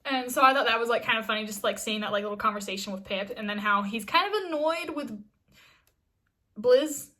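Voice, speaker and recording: A woman's voice: fairly high pitch, a little fast, bright, forceful tone. A woman casually recapping a TV episode in a chatty vlog, full of fillers and restarts. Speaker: TV episode reviewer.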